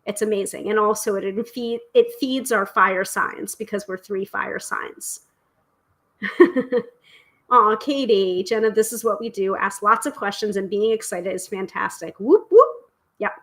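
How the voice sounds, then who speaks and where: A middle-aged woman hosting a live tarot stream, talking casually and excitedly with many fillers and restarts. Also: mid-range voice, rough recording. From United States.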